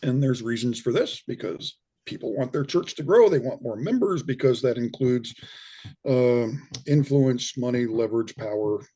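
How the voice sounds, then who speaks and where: A man's voice: medium pitch, animated, moderate pace, mellow, breathy edge. A middle-aged man, a guest in an interview, explaining his views in a conversational way with frequent restarts and repeated words. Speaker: guest, near-death experience researcher. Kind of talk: casual interview talk.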